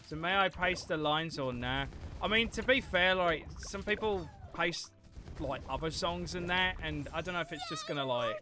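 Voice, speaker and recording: Soft background music accompanies a young male livestreamer who rambles through casual chat with his audience while gaming. He swears freely and reads the chat out loud, speaking at a moderate pace in a fairly high voice.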